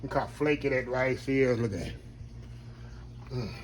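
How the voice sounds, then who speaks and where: A man's voice: mid-range voice, measured pace, a little hiss or hum. A man hosting a casual home cooking demonstration in his kitchen, talking folksily to viewers as "y'all" and savoring the food aloud. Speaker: cooking channel host.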